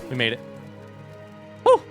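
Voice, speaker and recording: A man from the US East Coast with an East Coast accent, giving live commentary while playing a game and thinking out loud as he goes. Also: a little slow, faint music behind. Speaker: streamer.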